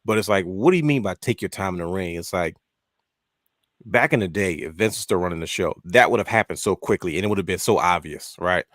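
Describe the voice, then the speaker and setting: A man talks quickly in a lowish voice, recorded close and dry. He is co-hosting a casual podcast chat. He tells stories with animation and acts out his own reactions as he goes. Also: fairly bright tone, dry recording. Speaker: podcast co-host.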